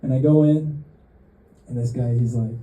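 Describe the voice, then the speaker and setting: A man's voice: medium pitch, steady tone, normal speed, heavy background noise. A young man doing a stand-up set on a club stage, rambling and self-deprecating, laughing at his own jokes. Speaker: stand-up comedian. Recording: roomy club stage sound.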